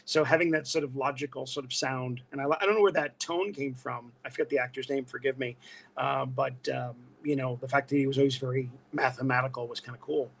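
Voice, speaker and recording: A man from Brooklyn with a New York accent, a guest chatting casually and telling animated stories. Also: medium pitch, fast talker, creaky, rough recording. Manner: animated storyteller, breaks into voices. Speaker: guest, illustrator and costume actor. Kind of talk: casual interview chat.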